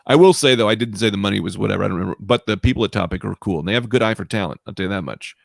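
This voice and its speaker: A man co-hosting a comedy podcast, telling rambling stories in casual chat with quick put-on voices. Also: on the low side, creaky, no room sound, clean studio sound.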